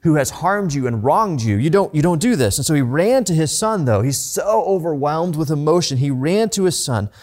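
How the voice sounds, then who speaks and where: A man preaching a sermon in a conversational tone, telling the story in a lively way. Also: fairly high pitch. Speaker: pastor.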